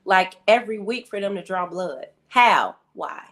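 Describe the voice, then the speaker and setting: A middle-aged woman, guest speaker on grief, tells her story fairly quickly at medium pitch. In this interview, she animatedly performs the quotes of the people involved.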